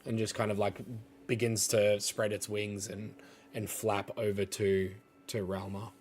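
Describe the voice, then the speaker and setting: A man's voice: fairly low pitch, little pitch movement, unhurried, a little mellow, slight background noise. A man narrating as dungeon master in a tabletop game, hesitant and full of fillers and restarts.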